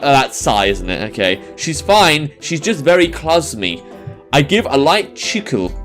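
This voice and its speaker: Young male let's-play narrator, lively pitch, self-mocking rambling commentary, light music bed. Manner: rambling, self-mocking, stumbles over misspelled words. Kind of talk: reading a visual novel aloud with commentary.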